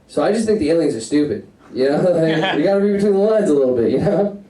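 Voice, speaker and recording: A male stand-up comic rambles through crude jokes and chuckles at his own punchlines. His voice is mellow and sits a little high for a man. The sound is roomy, as if caught from across the club. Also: animated, fast, slight background noise. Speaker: stand-up comedian. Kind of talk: stand-up comedy set. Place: comedy stage before a live audience. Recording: roomy sound, mic at a distance.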